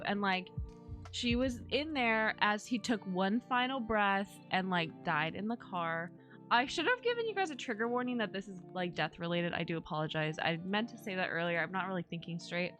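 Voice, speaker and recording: A young woman streamer chats casually in a mid-range, slightly bright voice at normal speed, with faint music in the background. Telling a story, she rambles, using lots of fillers and restarting her sentences.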